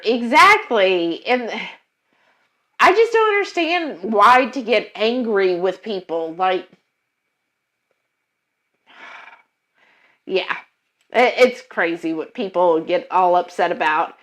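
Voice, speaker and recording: Woman co-host, casual livestream chat, talkative with fillers, slightly high pitch. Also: animated, slow pace, pauses often, fairly bright tone. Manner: chatty, with frequent fillers and self-quotes. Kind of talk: casual chat, reading viewer comments aloud.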